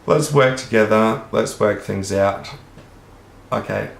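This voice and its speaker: Gravelly Australian man rambling earnestly. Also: fairly low pitch, slow. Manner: earnest, rambling, casually profane. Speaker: vlogger. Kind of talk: rambling monologue to camera. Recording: roomy echo.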